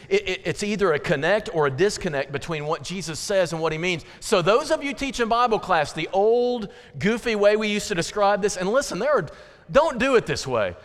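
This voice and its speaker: A man preaching a conversational sermon to a congregation, lively and animated, often slipping into acted-out voices. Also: high voice. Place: church sanctuary. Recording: long reverb of a large hall.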